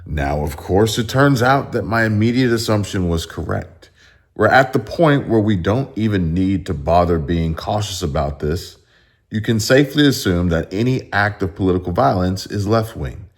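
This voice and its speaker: A man's voice: fairly low pitch, lively intonation, moderate pace. A man hosting casual political commentary, rambling and searching aloud for posts as he reads them out.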